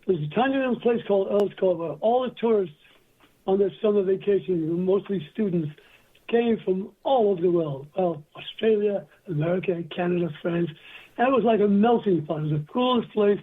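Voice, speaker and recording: An older man spins long, wandering anecdotes in a rather high, husky voice. He comes through a tinny phone line and slips into other people's voices as he talks. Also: brisk. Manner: rambling anecdotal storyteller, acts out quoted voices. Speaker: guest. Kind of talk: storytelling interview.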